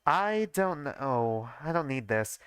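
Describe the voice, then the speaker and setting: A man's voice: mid-range voice, big pitch swings, takes it slowly, fairly bright tone, smooth, no room sound. Blunt, wary schoolgirl, voiced by a man, dry and skeptical. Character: wary, blunt young female student.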